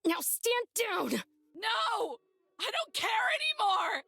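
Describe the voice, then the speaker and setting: A woman's voice: very high voice, very animated, slow, gravelly, no echo, pitched above the performer's own voice, full character voice. A woman voicing a fierce young female ranger who barks angry orders. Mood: commanding. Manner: shouting, bossy orders.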